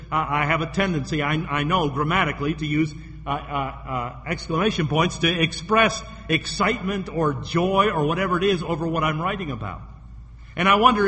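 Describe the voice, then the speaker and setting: A man's voice: a little high, bright, forceful tone, slight background noise. Earnest preacher man in an echoey hall. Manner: earnest, stumbling restarts, reads verses slowly. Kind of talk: sermon.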